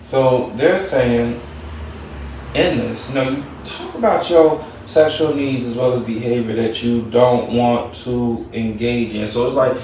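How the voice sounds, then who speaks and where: A man's voice: medium pitch, measured pace, darkish tone, a little hiss or hum. A man hosting a casual advice talk, speaking conversationally and repeating his points for emphasis. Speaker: talk show host. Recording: echoey room, mic at a distance.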